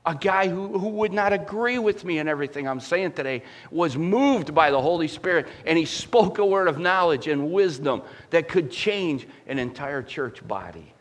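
A man delivers a sermon from the pulpit in a fairly high voice. He preaches with animated emphasis, building to loud peaks and then dropping low and quiet to drive a point home. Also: moderate pace, hardly any pauses. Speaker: pastor.

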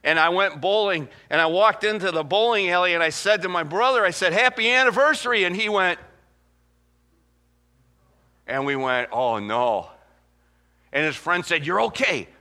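A middle-aged man preaching a sermon as pastor, telling folksy stories and slowing down to quote scripture. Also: high voice, pushed and bright, clear, resonant tone.

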